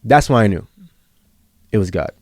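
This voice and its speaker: A man's voice: fairly low pitch, animated, normal speed, dry recording. Earnest young man telling a story, dry sound. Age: young adult. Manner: earnest, repeats himself, peppered with bro and yo. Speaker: podcast guest. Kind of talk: casual personal storytelling.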